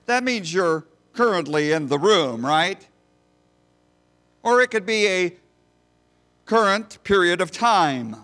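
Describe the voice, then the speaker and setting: Slow-speaking male preacher. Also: high voice, animated, a bit bright. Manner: folksy, storytelling preacher. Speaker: pastor. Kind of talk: sermon.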